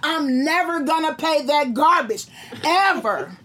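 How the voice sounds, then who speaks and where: Brash high-voiced woman telling a story. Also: a little slow. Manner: animated, profane, acts out quotes. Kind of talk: profane storytelling to friends.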